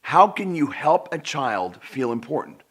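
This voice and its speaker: A man's voice: medium pitch, very animated, measured pace, a bit bright, husky. Emphatic middle-aged man giving self-help advice. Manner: emphatic, repeats for emphasis, addresses the viewer directly. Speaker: personal development speaker. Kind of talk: direct-to-camera self-help talk.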